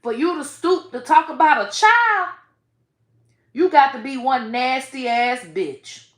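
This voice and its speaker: A woman giving blunt, profane commentary with sudden loud outbursts. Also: sits high, animated, takes it slowly, echoey room. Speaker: online commentator. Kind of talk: casual commentary.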